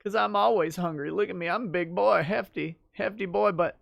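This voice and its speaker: A man's voice: sits high, fairly quick, gravelly, fairly bright tone, no echo, full character voice. A man doing a crude rambling ex-president. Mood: joking. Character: crude folksy older male ex-president, boastful.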